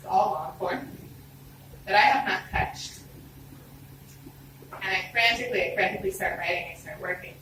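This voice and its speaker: Woman telling a story in an echoey hall. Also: fairly low pitch. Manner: expressive, conversational, self-deprecating. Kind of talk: live personal storytelling. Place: live event stage. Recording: roomy hall, distant mic, background noise.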